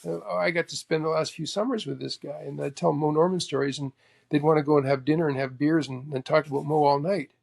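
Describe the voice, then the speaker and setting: A man in his sixties from Canada, a guest telling animated anecdotes and acting out both sides of old conversations. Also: a little high, fast, vocal fry. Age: 60s. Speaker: guest, golf professional. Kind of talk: casual storytelling chat.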